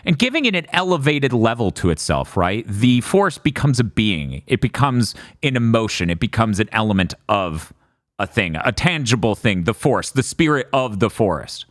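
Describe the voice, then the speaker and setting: A man's voice: medium pitch, fairly bright tone, no room sound, clean studio sound. A man co-hosting a casual podcast review, rambling and laughing often. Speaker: podcast co-host.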